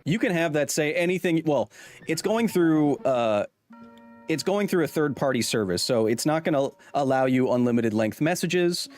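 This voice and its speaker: A man chatting casually on a live stream, rambling and cutting himself off, quick to laugh. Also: a little high, lively intonation, a little mellow, soft background music.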